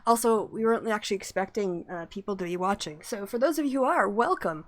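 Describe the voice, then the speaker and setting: A woman's voice: medium pitch, expressive, fast talker. A woman hosting a live-streamed tabletop game as game master, friendly and laughing, with many fillers.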